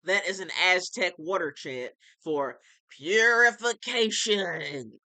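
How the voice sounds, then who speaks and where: Young man in his twenties, crude ranting comedy vlog, slow drawn-out delivery, bright edgy voice, dry close sound. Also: sits high, expressive, no echo. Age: 20s. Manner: profane, erratic, shouting bursts. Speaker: amateur comedy YouTuber.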